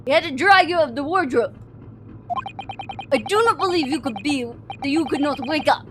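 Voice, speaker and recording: A woman putting on a gruff accusing foreign officer. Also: high voice, animated, moderate pace, noisy background. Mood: menacing. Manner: mock accent, clipped and threatening.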